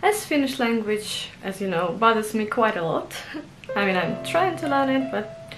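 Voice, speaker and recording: A woman's voice: on the high side, sing-song, normal speed, a bit bright, soft background music. A young adult woman vlogging about learning a language, self-conscious and giggly, with many fillers and restarts. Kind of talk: casual vlog monologue.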